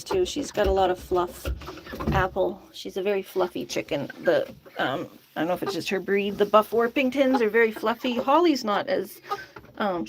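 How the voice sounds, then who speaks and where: A woman's voice: mid-range voice, vocal fry, background noise. A woman chatting casually and coaxing her chickens to drink by their coop outdoors, laughing often. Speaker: chicken keeper vlogger.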